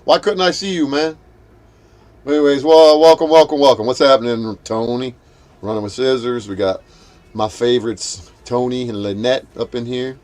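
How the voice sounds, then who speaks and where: A man's voice: medium pitch, steady tone, normal speed, darkish tone. A man hosting a live stream, ranting at a rival and at trolls in a profane, confrontational, mocking way while greeting his chat. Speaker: livestream host.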